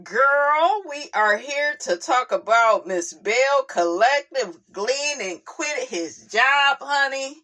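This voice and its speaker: Sassy, animated woman recapping reality TV. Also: on the high side, slow pace, few pauses. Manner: sassy, animated, drawls and exclaims. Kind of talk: casual recap commentary.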